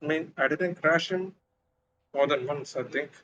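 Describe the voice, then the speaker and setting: A man's voice: fairly high pitch, normal speed, fairly bright tone. A man with an Indian accent answering interview questions over a voice call, modest and joking. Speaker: guest driver on call. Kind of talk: casual interview. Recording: dull voice-chat line with hiss.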